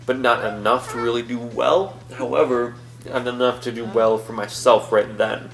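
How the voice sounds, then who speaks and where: A man's voice: mid-range voice, fairly even intonation, moderate pace, gravelly, a bit bright, poor audio. A young man hosting a let's-play, chatting casually and rambling through a story with many fillers. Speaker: gaming channel host.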